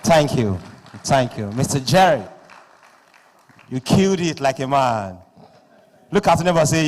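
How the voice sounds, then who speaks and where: A man with a Nigerian accent acting as master of ceremonies at a live conference, loud and playful, slipping into pidgin asides. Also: mid-range voice, animated, measured pace, pauses often. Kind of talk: live event hosting. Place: large conference hall. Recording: echoing hall through PA.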